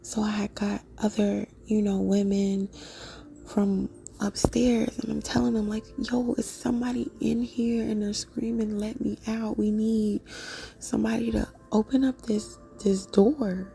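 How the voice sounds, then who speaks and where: A woman telling a dream in a soft, unvoiced whisper with many fillers, as a whispered vlog. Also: medium pitch, flat delivery, a little slow, vocal fry, a little hiss or hum. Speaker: vlogger.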